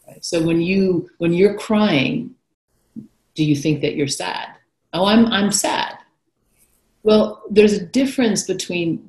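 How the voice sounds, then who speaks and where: A woman guest talking about her own experience in an interview, reflective and at times dropping to a soft whisper. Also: lowish voice. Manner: reflective, shifting between animated retelling and soft whispered passages. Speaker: guest author. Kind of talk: conversational interview talk. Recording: echoey room.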